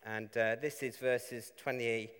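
A man's voice: medium pitch, steady tone, unhurried, a bit bright, clear, resonant tone. A man preaching a conversational sermon, often asking tag questions of his listeners. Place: church. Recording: long reverb of a church.

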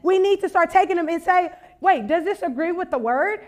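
High-voiced woman preaching with stories. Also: brisk. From Louisiana. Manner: animated, laughing, acts out voices in anecdotes. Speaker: conference speaker. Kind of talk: storytelling sermon.

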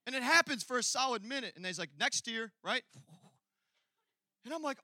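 A male pastor preaching a sermon, telling a personal story and building from quiet asides to loud, emphatic peaks. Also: very high-pitched, expressive, moderate pace, no echo.

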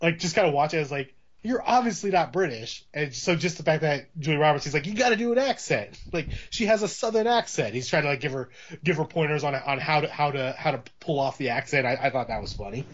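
Casting note: man co-hosting a movie chat, voice a bit high, rambling, lo-fi dull audio. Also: expressive, fast, few pauses. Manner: rambling, many restarts and fillers. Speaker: podcast co-host. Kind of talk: casual movie discussion.

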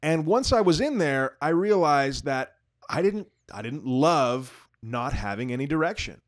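A man's voice: fairly high pitch, very animated, measured pace. A man co-hosting a gaming podcast, talking casually in a rambling, self-deprecating way and laughing often. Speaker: podcast co-host.

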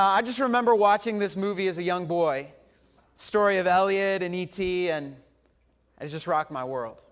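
A man in his forties preaching a sermon as a pastor, telling a story with animated swings from loud to hushed. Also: sits high.

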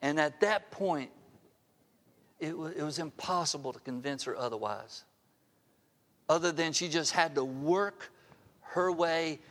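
Older male pastor, slow sermon delivery, fairly high voice, reverberant sanctuary. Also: fairly bright tone. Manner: earnest, asks the audience direct rhetorical questions. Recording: long reverb of a large hall.

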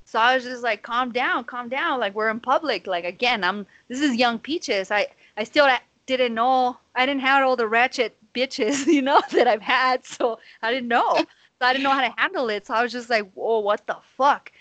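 A woman with a slightly high voice tells a rambling story, swearing freely and tossing in "bro." She acts out her own reactions as she goes. The sound is dry and close, with no room echo. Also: normal speed, a bit bright, highs cut off. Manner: profane, slangy, calls listeners "bro". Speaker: podcast co-host. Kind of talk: casual storytelling. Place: at home on a video call.

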